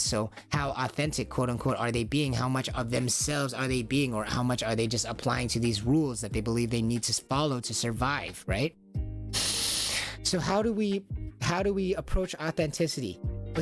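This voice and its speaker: In a mid-range voice, a stream host works through a casual monologue, posing rhetorical questions and acting out brief quoted lines from parents and kids.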